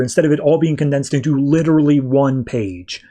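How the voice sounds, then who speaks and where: A man's voice: a little high, brisk, few pauses, mellow. Brief: male podcast host, loose and wry, recapping comics casually. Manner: wry and self-deprecating, loose recap talk. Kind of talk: casual comic book review.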